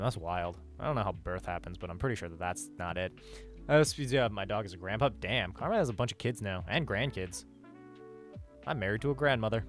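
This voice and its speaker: A man's voice: mid-range voice, fairly bright tone. A man streaming live, chatting casually with his viewers, rambling and joking with lots of swearing and "like". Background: faint music.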